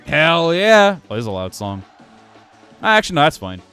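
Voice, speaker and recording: Male gaming streamer, animated and rambling, self-deprecating and profane, faint music behind. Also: fairly low pitch, quick pace. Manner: rambling, self-mocking, swears freely. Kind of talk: casual gameplay commentary. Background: faint music playing from his computer.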